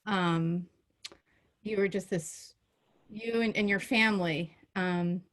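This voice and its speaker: Choked-up woman giving a halting toast. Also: mid-range voice, fairly bright tone. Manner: halting, full of ums and restarts, emotional. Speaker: friend giving a birthday toast. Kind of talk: heartfelt toast on a video call. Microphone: video call.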